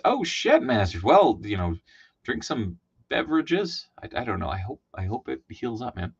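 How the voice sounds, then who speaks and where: A man hosting a toy livestream, talking fast and wired, rambling and greeting chat by name. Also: mid-range voice, big pitch swings, vocal fry, breathy edge. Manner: hyped, rambling, shouting out chat names. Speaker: host. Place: home basement room. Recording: dull lo-fi stream audio.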